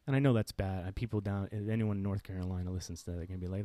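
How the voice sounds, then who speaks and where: A middle-aged man with a lowish voice tells a personal story on his podcast, earnest and reflective, often pausing and restarting mid-thought. He sounds close to a dry microphone with no room sound around him. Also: steady tone, mellow, dry recording. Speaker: podcast host.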